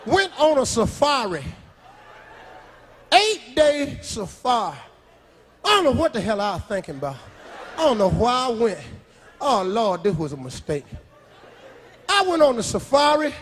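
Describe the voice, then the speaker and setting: A man doing a stand-up comedy routine, telling a story loudly and shouting punchlines on a live stage. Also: very high-pitched, very animated, unhurried, pauses often. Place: large theater with live audience. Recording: live stage recording with audience laughter and noise.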